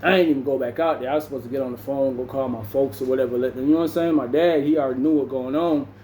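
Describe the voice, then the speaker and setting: A man's voice: medium pitch, fairly even intonation, very fast, warm tone, reverberant, slight background noise. A young man, telling a story casually and saying "bro" constantly. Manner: laid-back, says "bro" constantly, acts out other people's lines. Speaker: vlogger.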